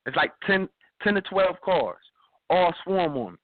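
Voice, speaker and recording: Animated man telling a story on tinny radio. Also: high-pitched, measured pace, slight background noise. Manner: animated, repeats himself, acts out the cops' shouting. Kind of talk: casual storytelling. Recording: dry tinny phone-like sound.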